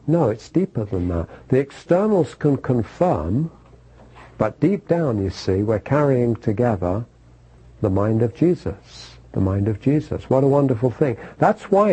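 A man's voice: medium pitch, dark tone, slightly rough, poor audio. A man preaching a sermon, repeating phrases for emphasis and asking his listeners questions.

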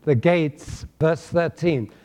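High-voiced emphatic preaching man. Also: slow. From England. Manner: swings from loud emphatic preaching to quiet storytelling. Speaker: pastor. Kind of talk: sermon.

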